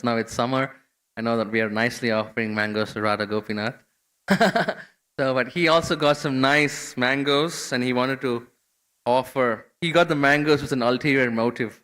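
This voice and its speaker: A man's voice: mid-range voice, bright, forceful tone. A man giving a devotional scripture class in a temple, telling a story in a conversational way with many fillers and restarts.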